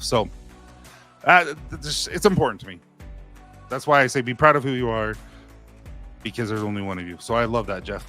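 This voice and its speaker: A man's voice: medium pitch, fairly bright tone. A man in his thirties hosting a live stream, telling stories in a casual, earnest, rambling way with frequent restarts. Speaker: live stream host answering viewer comments.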